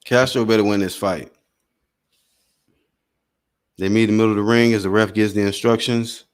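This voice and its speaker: A man hosting a casual live boxing commentary stream, calling the punches in a slangy, excitable way and talking to his viewers. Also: fairly low pitch, normal speed, clean tone.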